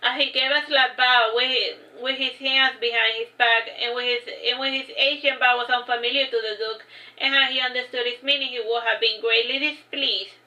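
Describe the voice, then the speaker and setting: Woman author reading her novel aloud on stream, halting, restarts often, bright high voice. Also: steady tone, low-quality recording. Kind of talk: livestreamed book reading.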